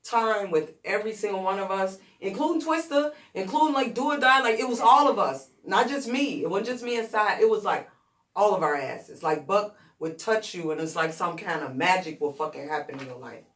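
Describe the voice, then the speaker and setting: A woman's voice: medium pitch, fairly quick. Blunt woman rapper in a roomy room. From west side of Chicago. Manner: blunt, profane, animated storytelling. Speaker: rapper being interviewed. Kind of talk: casual storytelling interview. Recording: roomy echo, distant mic.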